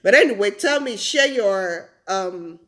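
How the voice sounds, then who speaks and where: A woman from Nigeria with a Nigerian accent, telling lively stories in a casual vlog and laughing often. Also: mid-range voice, unhurried. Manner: animated, laughs often, acts out quotes. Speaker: vlogger.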